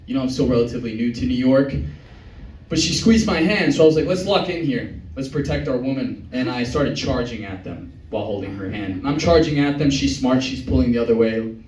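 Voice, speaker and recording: A young man performing a stand-up set in a comedy club, with a deadpan, meandering delivery. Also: medium pitch, fairly quick, slight background noise. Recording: echoey club from far off.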